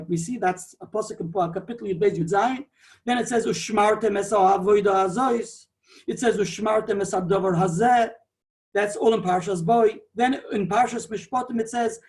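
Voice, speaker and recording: A man, a rabbi, giving a digressive, animated Talmudic lecture peppered with Hebrew and Yiddish terms. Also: sits high. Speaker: rabbi teaching a Torah class.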